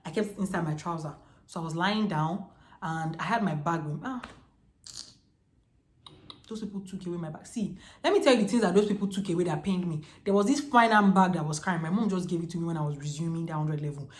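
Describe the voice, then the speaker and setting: A Nigerian woman in her twenties telling a storytime vlog in a lively, chatty way, full of slang. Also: lowish voice, fast. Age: 20s. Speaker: vlogger. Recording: echoey room.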